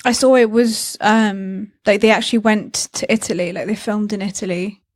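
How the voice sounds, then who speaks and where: A woman from the Netherlands co-hosting a podcast in casual chat, chatty and quick with laughing asides. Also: medium pitch, fairly even intonation, no room sound. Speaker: podcast co-host.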